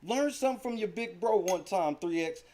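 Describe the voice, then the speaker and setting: A high-pitched man hosting a livestream, tearing into a rival with profane taunts. His voice jumps around a lot as he mocks and lectures. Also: lively intonation, normal speed, mellow. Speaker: livestream host. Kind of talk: heated livestream argument.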